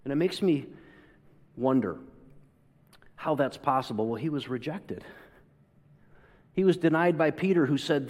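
A man's voice: a little high, unhurried, pauses often, a little mellow. Guy preaching a sermon, lots of rhetorical questions, acts out the quotes, long hall echo. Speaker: pastor.

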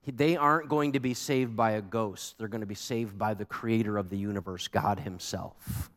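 A man preaching a sermon as a pastor, animated and emphatic, asking the congregation pointed questions. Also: on the low side, normal speed. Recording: long hall reverb.

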